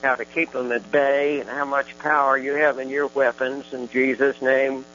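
A man who pastors and hosts a religious radio talk show, speaking in a steady, encouraging, conversational way. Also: medium pitch, normal speed. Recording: dull lo-fi radio sound with faint hum.

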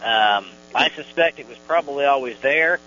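A man co-hosting a religious radio program, speaking warmly and affirmingly. His voice is bright and forceful but sounds dull over the lo-fi audio, with a faint hum behind it. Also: mid-range voice, moderate pace. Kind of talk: religious radio talk show.

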